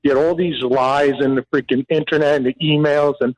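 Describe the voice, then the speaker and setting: Male caller, earnest and halting, voice a bit high, heard over a phone line. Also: steady tone. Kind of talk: phone call to a radio show.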